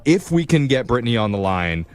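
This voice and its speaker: A man's voice: mid-range voice, big pitch swings, brisk, dry recording, soft background music. A male radio host running a call segment in a teasing, blunt way. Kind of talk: joking radio prank call.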